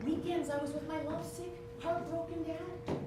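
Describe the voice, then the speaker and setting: Woman comedian, very high voice, distant mic, echoey stage with music. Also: normal speed. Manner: animated, bursts into song and mock voices. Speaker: stand-up comedian. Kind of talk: solo comedy show. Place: theater stage.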